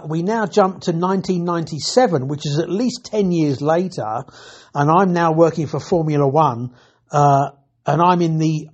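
A retired TV technician, an older man with a slightly high, somewhat mellow voice and a breathy edge, swaps chatty anecdotes from his working years. He keeps interrupting himself, and his humour runs dry.

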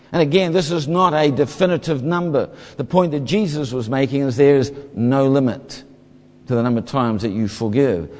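A man's voice: medium pitch, a little mellow. A man preaching a sermon, reading scripture and explaining it, briefly acting out voices from the story. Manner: expository, acts out the parable's voices. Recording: hall reverb.

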